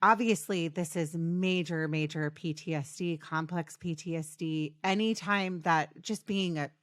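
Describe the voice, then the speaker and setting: A woman's voice: fairly low pitch, no room sound. Empathetic woman podcast host, dry sound. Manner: empathetic, quick backchannels. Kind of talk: interview conversation.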